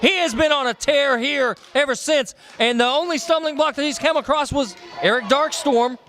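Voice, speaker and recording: A man calling wrestling play-by-play, excitable as he names each move. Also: very high-pitched, a faint crowd. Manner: excitable, calls moves rapidly.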